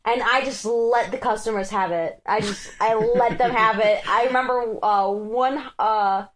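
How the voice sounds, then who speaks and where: A young woman co-hosting a podcast, telling a story in a casual, animated way, swearing and acting out what people said. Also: fairly high pitch, measured pace, rough recording. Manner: animated, acts out quoted voices, swears. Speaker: podcast co-host.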